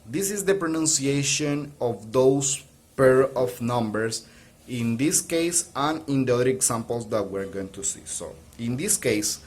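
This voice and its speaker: Slow, patient male English teacher. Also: mid-range voice, lively intonation, a little mellow. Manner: slow, patient explaining with many restarts. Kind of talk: recorded video lesson.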